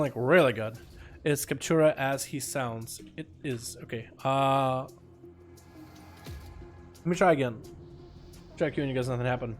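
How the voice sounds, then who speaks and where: A young man with a high, light voice hosts a game livestream, bantering with viewers and teasing himself. He shifts into fast, excited play-by-play as the duels start. Faint music plays underneath. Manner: playful, self-mocking, quick excited commentary. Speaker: streamer hosting arena duels. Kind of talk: casual livestream chat and play-by-play commentary.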